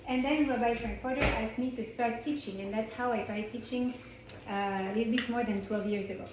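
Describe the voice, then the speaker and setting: A woman's voice: medium pitch, slight background noise. A woman from France with a French accent, teaching a Torah class in a chatty way and often restarting her sentences. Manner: chatty, self-correcting, with frequent restarts. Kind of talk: informal class lecture. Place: indoor class room with a small group. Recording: roomy echo in a class room.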